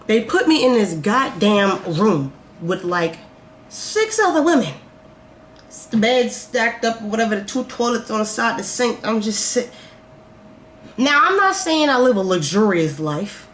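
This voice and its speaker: A young woman vlogger telling a casual storytime, animated and swearing as she acts out her own reactions. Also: fairly high pitch, measured pace. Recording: echoey room, faint noise.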